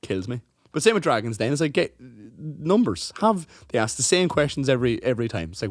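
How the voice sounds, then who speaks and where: A man's voice: medium pitch, big pitch swings, fairly quick, few pauses, no echo, studio quality. A man co-hosting a podcast in casual comedic chat, rambling and swearing as he tells stories. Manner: rambling, sweary, acts out people in quotes. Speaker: podcast co-host.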